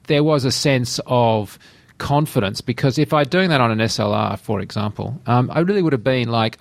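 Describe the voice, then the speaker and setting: A man with a medium-pitched voice hosting a casual podcast. He talks in an easygoing, chatty way on a dry, close recording with no room sound. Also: brisk, gravelly, no echo. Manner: easygoing, chatty, laughs while talking. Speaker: podcast host.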